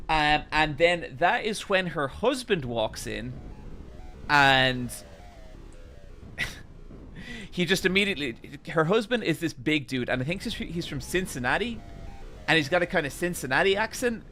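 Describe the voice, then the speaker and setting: A man's voice: on the high side, measured pace, pauses often. Guy streaming a game and telling a story, swears a lot, voice jumps all over, faint music behind. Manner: animated, swears freely. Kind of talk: casual storytelling while gaming.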